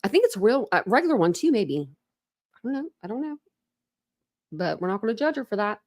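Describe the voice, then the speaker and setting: A woman's voice: a little high, sing-song, a little fast, darkish tone, no echo, clean studio sound. A woman hosting a true crime commentary stream, chatting in a rambling, teasing way. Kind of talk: casual reaction commentary.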